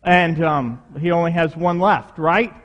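A man's voice: fairly high pitch, measured pace, fairly bright tone, lo-fi sound. A man preaching a sermon, talking conversationally with rhetorical questions to his congregation in a church. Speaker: pastor. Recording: long reverb of a hall.

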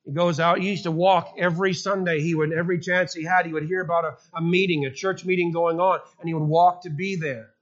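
A man preaching a sermon, telling a Bible story with animated, repetitive emphasis. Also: fairly high pitch, fast talker, hardly any pauses, highs cut off.

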